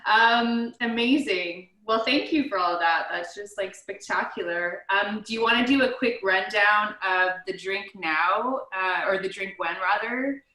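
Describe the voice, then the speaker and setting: A woman's voice: medium pitch, unhurried, few pauses, pushed and bright, roomy sound, far from the mic, poor audio. A chatty woman hosting a casual video chat who laughs often. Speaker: host and wine importer.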